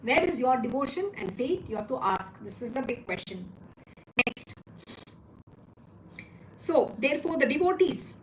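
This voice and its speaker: A woman's voice: high-pitched, very animated, unhurried, long pauses, reverberant, very noisy. A woman giving a devotional teaching talk as a spiritual teacher, emphatic, repeating her points and asking rhetorical questions.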